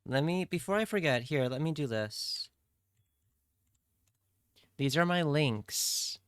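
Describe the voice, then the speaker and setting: A young man chats to his stream at an unhurried, drawn-out pace, rambling and joking along. His voice comes through smooth and clear. The sound is dry and close, with no room around it. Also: a little high, lively intonation, fairly bright tone, dry recording. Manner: rambling, playful, talks straight to chat. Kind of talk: casual livestream chat.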